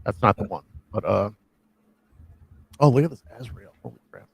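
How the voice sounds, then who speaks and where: A man's voice: lowish voice, expressive, normal speed, vocal fry, slight background noise. A man co-hosting a live comic reading stream, rambling casually and making self-deprecating jokes. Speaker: co-host.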